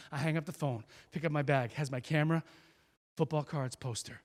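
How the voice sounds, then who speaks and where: Male guest speaker, lively storyteller, higher-pitched voice. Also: brisk, long reverb tail. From New Hampshire. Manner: animated, acts out every character. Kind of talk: motivational storytelling speech.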